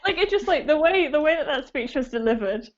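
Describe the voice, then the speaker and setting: A British woman co-hosting a casual film podcast, measured and candid. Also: high-pitched, expressive. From Britain. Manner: measured, candid, laughs at herself. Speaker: podcast co-host. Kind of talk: casual chat about films. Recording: dull lo-fi audio.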